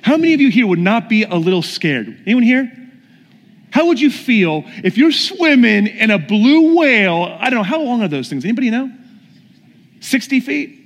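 A man's voice: very high voice, sing-song, moderate pace. A man preaching a sermon, telling stories and putting questions to his congregation. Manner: storytelling, questions the audience. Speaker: pastor. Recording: long hall reverb.

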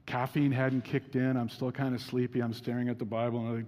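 A man's voice: mid-range voice, completely flat delivery, fast, darkish tone. Casual storytelling male preacher in a hall. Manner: casual storytelling, self-deprecating humor. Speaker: pastor. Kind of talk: sermon. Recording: reverberant hall.

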